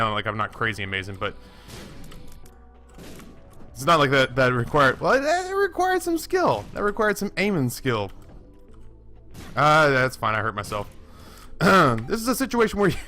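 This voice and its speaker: A man in his twenties talks through a game session in a loose, rambling way, doubling back on himself and joking at his own expense. His voice is bright and forceful, and faint game music plays behind him. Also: mid-range voice. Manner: chatty, self-deprecating, lots of fillers and restarts. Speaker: gaming YouTuber. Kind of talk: rambling let's-play commentary.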